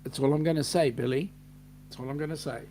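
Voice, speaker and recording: A man's voice: a little high, steady tone, quick pace, creaky, mellow, a little hiss or hum. A man with an Australian accent hosting a live chat, rambling and reading out viewer comments. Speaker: host.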